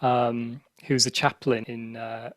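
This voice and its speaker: A man's voice: mid-range voice, flat delivery, takes it slowly, a bit bright, dry recording. A man co-hosting a podcast, explaining history at length in a casual way, with frequent ums and restarts. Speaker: podcast co-host.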